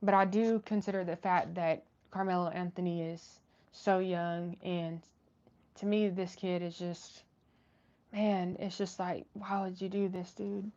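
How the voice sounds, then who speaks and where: A woman's voice: lowish voice, level tone, a little slow, a little mellow. Woman host, casual live chat, lots of "um"s, slightly dull lo-fi audio. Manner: chatty, many fillers and restarts. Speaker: livestream host reading chat.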